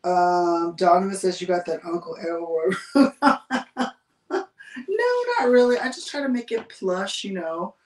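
A woman's voice: fairly low pitch, unhurried, a little mellow. A woman hosting a casual livestream from a bedroom, chatting with viewers and laughing often as she reads their comments. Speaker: livestream host. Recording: roomy sound from a distance.

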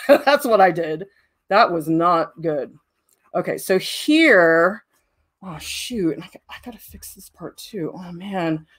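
A middle-aged woman teaching a live drawing demo, chatty and self-deprecating, often laughing at herself. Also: lowish voice. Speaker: art teacher.

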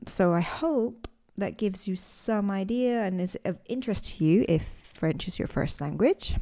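A woman's voice: medium pitch, animated, a little slow, mellow. A woman who is a native English speaker and teacher, hosting a casual podcast lesson, talking thoughtfully with frequent restarts and fillers.

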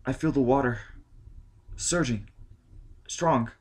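A determined woman scientist, as a male reader puts her on, speaks with a lifted pitch. Her way of talking is even and insistent. It is an audiobook reading. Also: slow, breathy edge. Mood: tense.

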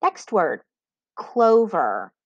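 Slow, clear woman teaching spelling. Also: medium pitch, very animated, no echo, muffled recording. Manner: slow, clear dictation with example sentences. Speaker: reading teacher. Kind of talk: recorded spelling lesson for children.

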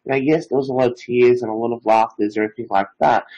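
A man's voice: mid-range voice, fairly even intonation, rapid-fire, warm tone, breathy edge, highs cut off. A nineteen-year-old man, a psychic medium and Reiki master, telling stories in a casual, rambling interview full of filler phrases.

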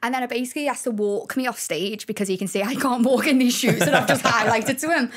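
A young woman with a Liverpool accent, chatting as a podcast guest and telling stories in a lively, animated way. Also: on the high side, fast talker. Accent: Scouse (Liverpool). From Liverpool, England. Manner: animated, chatty storyteller with laughs. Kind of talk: casual podcast chat.

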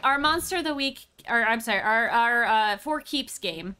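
A woman hosting a gameplay stream, chatting in an excitable, animated way. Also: fairly high pitch, clear, resonant tone. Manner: excitable, animated, quick reactions. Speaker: streamer host. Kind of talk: casual gameplay chat.

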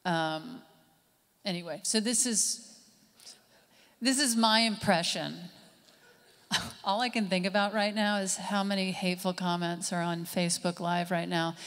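A woman comedian performing a stand-up set live on stage, with a dry, deadpan delivery. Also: lowish voice, a little slow, pauses often. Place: stage at a live summit event, indoors. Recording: live hall reverb, faint room noise.

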